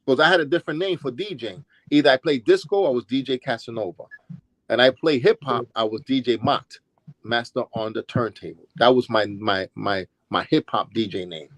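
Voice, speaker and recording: A man's voice: mid-range voice, fairly quick, a bit bright, dry recording. An older man from Brooklyn, telling stories in a casual interview and acting out the people he quotes. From Brooklyn, New York. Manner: acts out quoted people with voice changes. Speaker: interview guest, former DJ and dancer. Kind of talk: casual storytelling.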